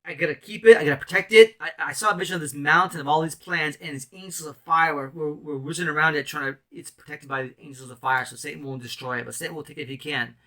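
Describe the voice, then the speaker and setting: A man in ministry delivers an impassioned, rambling testimony sermon at an island mission, full of restarts and emotional outbursts. His voice sits on the high side and is fairly bright, and he talks fast with few pauses.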